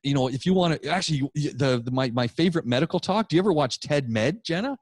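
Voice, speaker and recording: Animated storytelling man, dry sound. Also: on the high side, quick pace, no echo. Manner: animated, rambling storyteller with many restarts. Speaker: podcast co-host and public speaking teacher. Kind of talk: casual storytelling chat.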